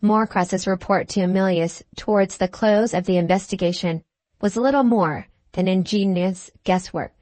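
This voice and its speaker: A woman reading a classic novel aloud as an audiobook narrator, in a measured, dramatic manner. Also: medium pitch, darkish tone, dry recording. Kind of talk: scripted narration.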